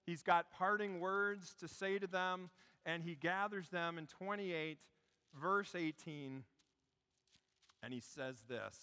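A male pastor delivers a sermon in a high, bright tone. He shifts between animated storytelling and quiet, hushed emphasis. His voice carries a long reverb, like a church sanctuary. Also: slow pace, smooth. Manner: storytelling preacher, dropping to a hush for emphasis.

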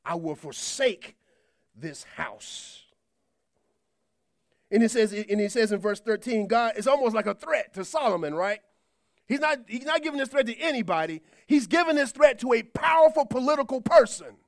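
A man preaching a sermon, swinging from quiet asides to shouted points. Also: very high voice, animated, a little fast, dry recording, studio quality.

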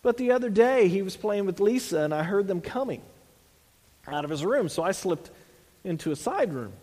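A man's voice: sits high, expressive, moderate pace, warm tone, in a large hall. A man preaching a sermon as a pastor, earnest, restarting phrases and dropping in "you know" asides.

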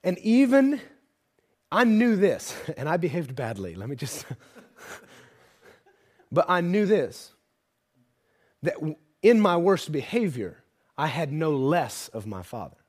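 A man with a slightly high voice preaches a sermon in a church. He drops to soft, close asides and then climbs into loud, emphatic declarations. He keeps asking the listeners questions. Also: sing-song, takes it slowly, long pauses. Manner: asks the audience rhetorical questions.

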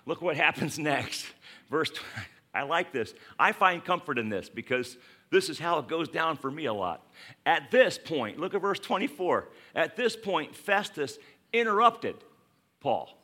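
A man's voice: a little high, sing-song, unhurried, sharp tone. A man preaching a conversational sermon to his congregation, acting out scripture quotes and laughing along the way. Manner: acts out scripture quotes in voices. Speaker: pastor.

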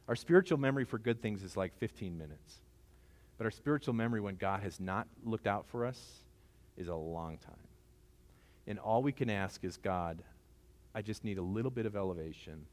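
A man in his forties preaches in a relaxed, chatty way, telling stories and turning to the congregation with questions. His voice sits a bit low. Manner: conversational storytelling with questions to the congregation. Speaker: pastor. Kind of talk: sermon.

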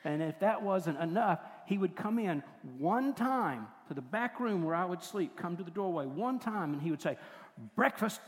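An older man preaches a sermon in a slightly high voice. He moves between emphatic, raised points and quiet, tender asides. His voice carries a long reverb from a large hall. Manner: shifts from forceful to hushed and tender. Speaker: pastor.

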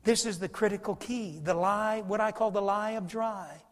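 A man preaching a sermon, telling a folksy story and swinging between loud and hushed. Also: high voice, normal speed. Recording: long hall reverb.

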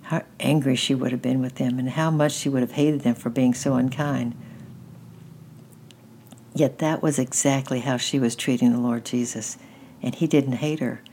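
A woman gently reading a children's story aloud at an unhurried pace. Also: rumbling low, fairly even intonation, slight background noise.

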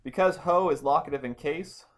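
A man's voice: a little high, normal speed, slight background noise. A man teaching a Bible study lesson, explaining Greek grammar step by step with frequent ums and restarts.

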